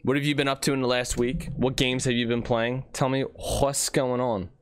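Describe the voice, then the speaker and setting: A man hosting a casual podcast, rambling in an animated, self-joking way while nursing an aching tooth. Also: mid-range voice, normal speed, smooth, dry recording. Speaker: podcast host.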